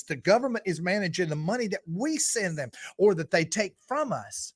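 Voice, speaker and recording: A man speaks in an unscripted political monologue, punching his key points louder between stretches of ums and restarts. His voice sits somewhat high for a man. The sound is dry and close, with no room echo. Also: sing-song, moderate pace, hardly any pauses. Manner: emphatic, many fillers and restarts, swells in volume on key points. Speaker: preacher giving political commentary.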